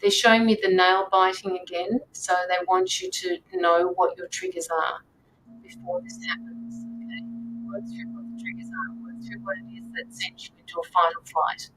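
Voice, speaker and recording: Far from the mic in a rough recording with a little hiss or hum, a tarot reader and medium speaks animatedly at normal speed in a low, fairly bright voice. Her live-stream reading is casual coaching talk, earnest toward viewers, repetitive, and dotted with "right?"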